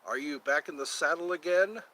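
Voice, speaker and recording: A man's voice: on the high side, a little fast, sharp tone, rough recording. A man hosting a casual live stream outdoors, rambling, chatting to viewers and a cat, and breaking into bits of old songs. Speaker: livestream host. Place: outdoors near a yard or forest edge.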